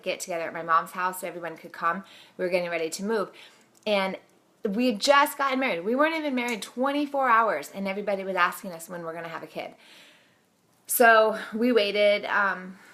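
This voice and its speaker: A woman in her thirties talks straight to her viewers in a loose, candid vlog style. She tells family stories with a self-deprecating streak. Her voice sits at an ordinary middle pitch for a woman. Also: a bit bright. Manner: chatty, candid and self-deprecating, with frequent fillers and laughs. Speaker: mom vlogger. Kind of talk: casual storytelling to camera.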